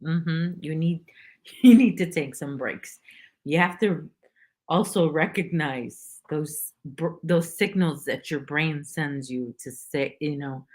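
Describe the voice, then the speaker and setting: Slow, low-voiced woman chatting on stream. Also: a little mellow. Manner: rambling, chatty, reads viewers' names aloud. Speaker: livestream host. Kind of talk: casual chat while crocheting. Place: at home.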